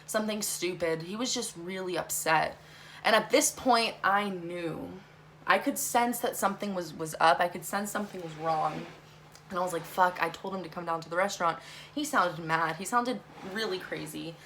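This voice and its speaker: Young woman doing a storytime vlog, bright sharp voice, talks fast and says like a ton, swears lots, faint hiss behind. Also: lowish voice. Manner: fast, animated, swearing, many fillers like "like". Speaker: vlogger.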